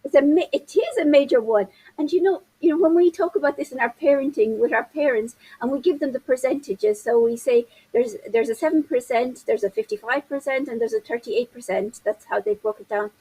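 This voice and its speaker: A husky, high-pitched woman with a breathy edge speaks as a guest in an interview. She explains parenting ideas in an animated way, gesturing with her hands as she goes. She sounds like she is in her fifties. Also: fairly quick, few pauses, rough recording. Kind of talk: interview conversation.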